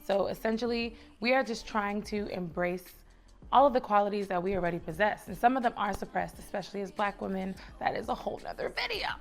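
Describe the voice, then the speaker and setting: A woman's voice: medium pitch, fairly quick, faint music behind. A young woman from the Bronx, giving chatty, encouraging advice straight to camera and calling her viewers baby and sis. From the Bronx, New York. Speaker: lifestyle vlogger. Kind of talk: casual direct-to-camera advice.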